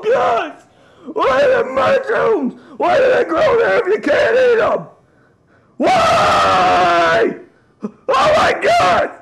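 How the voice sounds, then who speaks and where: A man's voice: very high voice, gravelly, full character voice, poor audio. A man playing a melodramatic, lonely young man who whines and shrieks through theatrical rants in a comedy sketch.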